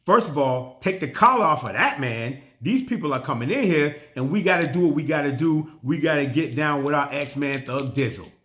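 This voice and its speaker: A man's voice: fairly high pitch, animated, moderate pace, hardly any pauses, a bit bright. A man voicing a bossy female superhero leader, issuing commands in slangy speech.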